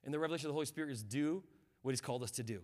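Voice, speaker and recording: Speaking rapid-fire at medium pitch, a man gives a sermon as guest pastor. He climbs from quiet, reflective moments to shouted fervor, calling the congregation to respond.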